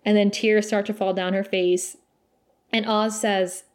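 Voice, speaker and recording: A woman co-hosting a casual podcast, talking through a TV episode. She gushes and laughs often as she tells the story. Her pitch sits in a plain middle range. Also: little pitch movement, measured pace, darkish tone. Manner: emotional, gushing, laughs often. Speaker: podcast co-host. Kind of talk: casual chat recapping a TV episode.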